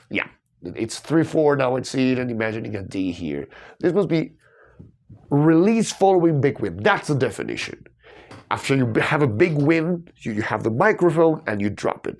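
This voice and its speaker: Gravelly and medium in pitch, a man solves cryptic crossword clues out loud. He muses, questions his own reasoning, and has sudden flashes of delight.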